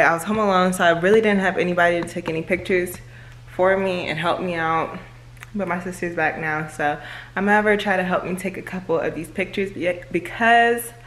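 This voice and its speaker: A young woman talks straight to her camera in her bedroom, chatting fast and casually. Her voice sits a little low for a woman, with faint ambient noise in the room. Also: fairly bright tone, roomy sound. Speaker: vlogger. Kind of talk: casual vlog chat to camera.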